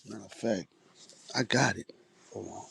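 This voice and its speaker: A man co-hosting a casual live stream chat, talking in a loose, halting way. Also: lowish voice, vocal fry, a bit bright, husky. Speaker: co-host.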